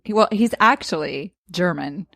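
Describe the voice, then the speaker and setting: A woman hosts a podcast in casual chat, chatty and giggly. Her pitch moves a lot as she talks. The sound is dry and close. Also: animated, moderate pace, gravelly, fairly bright tone, no room sound. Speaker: podcast host.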